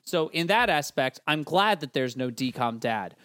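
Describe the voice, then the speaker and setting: A man's voice: fairly high pitch, animated, moderate pace, a bit bright, dry recording, clean studio sound. A man co-hosting a casual movie review podcast, chatty and full of "you know". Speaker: podcast co-host.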